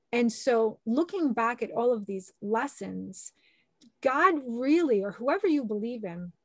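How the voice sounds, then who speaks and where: A middle-aged woman, a podcast guest, telling her stories in a lively way and acting out what people said. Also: on the high side, dry recording. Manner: animated, acts out quoted dialogue. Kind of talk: casual storytelling interview.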